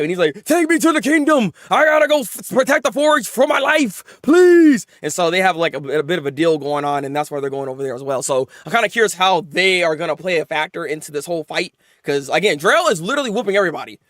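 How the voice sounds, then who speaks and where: A man excitedly recapping anime episodes in casual chat, laughing often and acting out characters' lines. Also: fairly high pitch, quick pace, hardly any pauses, no echo, studio quality. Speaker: anime reviewer.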